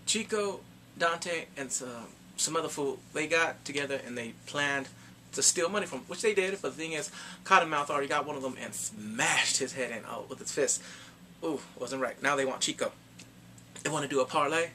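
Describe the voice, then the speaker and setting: A man casually reviewing a TV series in slangy, animated chat, laughing often. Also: a little high, normal speed, slight background noise. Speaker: show reviewer.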